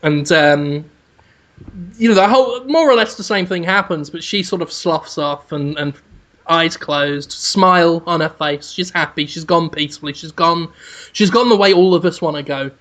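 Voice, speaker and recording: A podcast host spinning an absurd comic movie pitch in a rambling, deadpan way, full of fillers and restarts. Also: normal speed. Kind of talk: absurd comedic storytelling.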